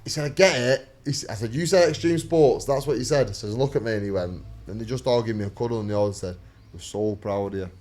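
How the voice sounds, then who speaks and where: A man who fights bare-knuckle, talking in a casual interview, swearing freely and telling animated stories in which he acts out what people said. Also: medium pitch, fast talker.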